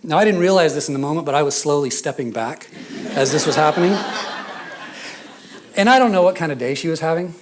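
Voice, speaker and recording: A man with a Scottish accent preaching a sermon, mixing scripture with humorous stories and hushed asides. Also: a little high, lively intonation, a little fast, pauses often, background noise. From Scotland. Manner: storytelling with humor, drops to a whisper for emphasis.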